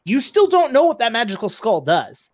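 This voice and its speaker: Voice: mid-range voice, normal speed. Easygoing game master recapping the story, loose and unscripted. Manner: relaxed, recapping with many "uh"s. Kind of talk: narrating a tabletop game online.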